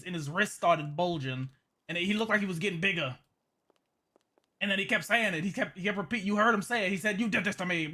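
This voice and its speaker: A man's voice: high voice, pushed and bright. A man telling a rambling in-character story in a roleplay, stammering and repeating himself. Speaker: roleplay character giving a statement. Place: game voice chat.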